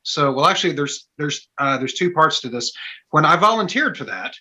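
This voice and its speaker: Bright-voiced man telling a stunt story. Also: fairly high pitch, normal speed, poor audio. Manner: animated anecdote-telling, acts out quotes. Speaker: guest stunt performer. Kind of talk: casual storytelling on a podcast.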